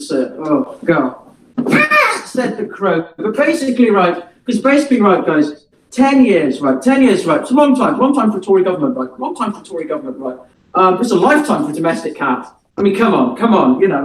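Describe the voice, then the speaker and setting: A young comedian with a high voice rambles through one-liners, looping back on himself with "right, guys". He sits back from a laptop mic in an echoey room, with a faint hiss behind him. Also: big pitch swings, brisk, distant mic. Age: young adult. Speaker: stand-up comedian. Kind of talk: stand-up set on a video call. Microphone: laptop or webcam mic on a video call.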